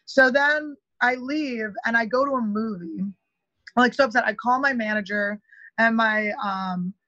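A woman comedian chatting as a podcast guest, telling a long story in an animated way with lots of "like". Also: fairly high pitch, a little slow, dry recording, dull audio. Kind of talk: casual podcast chat.

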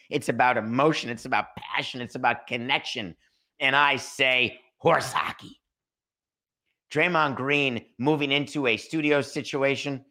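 A middle-aged man riffs through a solo sports podcast monologue. His voice is bright and forceful. He slips into made-up dialogues and acts them out as he goes. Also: medium pitch. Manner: animated, acts out imagined dialogues. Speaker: podcast host.

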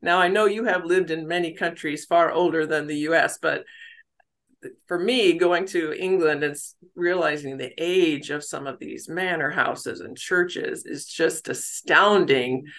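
Bright, chatty American novelist, a middle-aged woman with self-deprecating humor. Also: low-pitched, unhurried. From United States. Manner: chatty, laughs easily, warm self-deprecating. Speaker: novelist guest. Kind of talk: casual interview talk.

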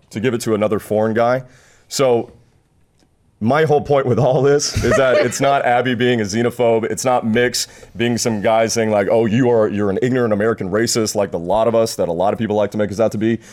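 A man's voice: fairly low pitch, a little mellow. A man co-hosting a casual sports podcast, delivering a fired-up rant and laughing at himself. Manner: fast, fired-up, self-deprecating. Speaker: podcast co-host. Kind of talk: casual sports chat, ranting.

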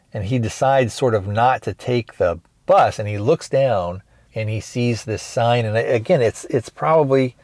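A man's voice: on the low side, darkish tone, dry recording. A man hosting a podcast, retelling a film plot in a rambling, hesitant way with many restarts. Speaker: podcast host. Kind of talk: casual movie review recap.

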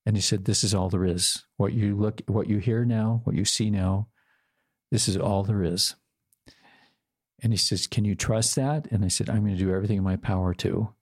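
An older man shares a personal story, his voice sitting slightly low. He speaks haltingly, with plenty of fillers and restarts, and plays out both sides of the remembered dialogue. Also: steady tone. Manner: quotes himself and his partner in dialogue.

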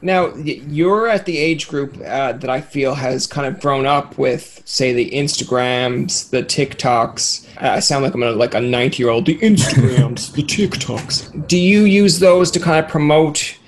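A man's voice: mid-range voice, a little slow, few pauses, a little hiss or hum. A man hosting a casual interview, rambling and joking, often acting out other people's voices. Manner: rambling, jokey, acts out quoted voices. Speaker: podcast host.

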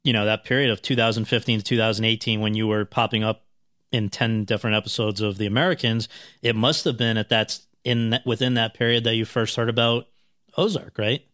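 A male interviewer asks long questions, often restarting as he goes. His mid-pitched voice is recorded dry and close. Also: steady tone, a little fast, a bit bright, no room sound.

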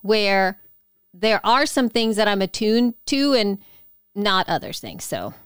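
A woman's voice: mid-range voice, lively intonation, slow, a bit bright, smooth, dry recording, clean studio sound. A woman co-hosting a podcast in casual chat, earnest and rambling, often correcting herself mid-sentence. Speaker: podcast co-host.

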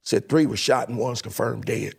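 A man telling a personal story about his years as a club DJ in a lively, casual way, often acting out the voices of the people in it. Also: medium pitch, moderate pace, gravelly, slightly rough. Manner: animated, laughing, acts out quoted voices.

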